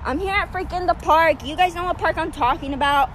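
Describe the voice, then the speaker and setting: A woman's voice: very high-pitched, brisk, fairly bright tone, slight background noise. A young woman, a runner, ranting angrily to her phone at a park, exasperated and repeating herself. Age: young adult. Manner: heated, exasperated, repeats "freaking" and "like". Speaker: runner vlogging. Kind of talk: angry rant to camera. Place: outdoors at a park.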